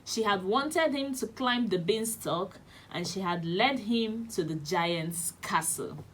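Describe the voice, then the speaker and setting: A woman's voice: mid-range voice, takes it slowly, slight background noise. A woman with a Nigerian accent, a children's radio host reading a storybook aloud expressively. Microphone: studio radio mic.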